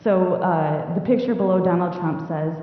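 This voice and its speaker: A woman's voice: lowish voice, normal speed. A young woman giving an informal public talk about news literacy, chatty and often asking "right?". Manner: chatty, asks "right?" often, laughs at odd headlines. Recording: echoey hall, phone-like sound.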